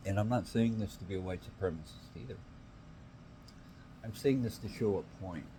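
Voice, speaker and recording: Low, mellow-voiced man ranting profanely. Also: moderate pace, slight background noise, poor audio. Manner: profane, repetitive, emphatic. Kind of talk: rambling solo rant.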